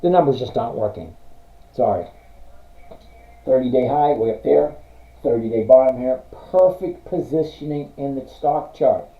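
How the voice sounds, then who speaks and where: A man's voice: medium pitch, lively intonation, normal speed. A middle-aged man hosting a casual livestream, chatting with viewers and reading out their comments. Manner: chatty, reads out viewer comments, apologetic refusals. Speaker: livestream host reviewing stocks. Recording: roomy, dull lo-fi stream audio.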